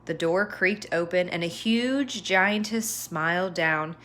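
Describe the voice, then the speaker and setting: A woman reading a children's story aloud with expressive delivery and sound effects. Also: fairly low pitch, slow.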